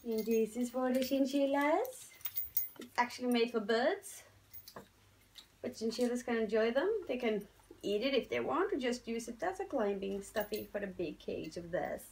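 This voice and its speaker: High-voiced woman cooing at pets. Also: animated, moderate pace, a little mellow. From Norway. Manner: coos and sing-songs at her animals. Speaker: pet vlogger. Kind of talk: casual unboxing talk to her pets. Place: home with pets. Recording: noisy home recording.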